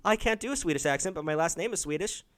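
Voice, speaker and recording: A man's voice: fairly high pitch, lively intonation, fast talker, a bit bright, dry recording. A man hosting a call-in dating stream, chatting casually, thanking viewers and swearing offhand. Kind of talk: casual live-stream chat.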